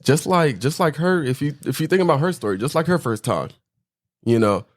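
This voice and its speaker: A man's voice: on the high side, expressive, fairly quick, no echo, studio quality. A man in a casual podcast chat, playful and competitive, insisting he is winning the argument.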